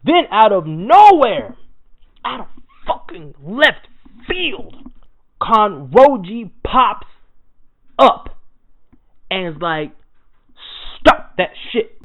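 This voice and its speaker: A young man giving a casual, profane, animated recap of a manga chapter, swearing freely and talking in slang. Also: sits high, extremely slow, pauses often. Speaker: anime manga reviewer. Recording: tinny phone-like audio.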